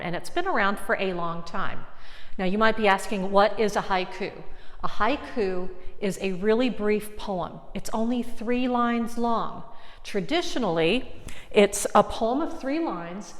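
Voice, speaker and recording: A woman from an arts center giving an encouraging lesson, explaining things clearly to viewers at home. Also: medium pitch, big-room sound. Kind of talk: friendly video lesson.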